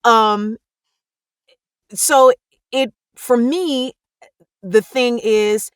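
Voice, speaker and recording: A woman's voice: fairly high pitch, very slow, smooth, no echo, studio quality. A woman audiobook narrator speaking as a podcast guest, earnest and passionate, with careful diction. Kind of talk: candid podcast conversation.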